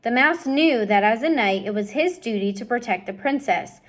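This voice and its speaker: Higher-pitched woman reading a storybook. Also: moderate pace. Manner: expressive, addresses the listener directly. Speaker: storybook reader. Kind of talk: reading a children's novel aloud.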